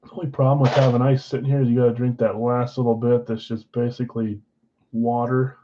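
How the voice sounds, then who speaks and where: A man's voice: medium pitch, little pitch movement, brisk, mellow, muffled recording, a little hiss or hum. A man hosting a live card break from a card shop, reading out names and teams in a casual, tired way. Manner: casual, reads names off a list, tired and yawning.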